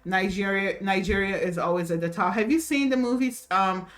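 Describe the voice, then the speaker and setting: A woman's voice: mid-range voice, moderate pace. Woman, co-host, casual chat, rambling with fillers and restarts. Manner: chatty, lots of fillers and restarts, laughs often. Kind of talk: casual chat reacting to a video.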